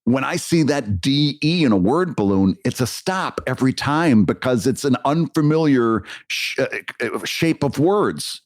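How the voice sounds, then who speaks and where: A man's voice: medium pitch, expressive, a little slow, few pauses, no echo, clean studio sound. A man co-hosting a casual podcast, explaining comic lettering with frequent stammered restarts. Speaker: podcast co-host, comic creator.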